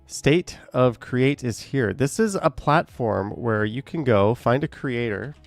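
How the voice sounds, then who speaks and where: A man with a gravelly, creaky voice talks loosely through a live stream, answering viewer chat. He rambles and hesitates, trailing off into shrugging asides. Faint music plays quietly underneath. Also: medium pitch, lively intonation, takes it slowly, no room sound.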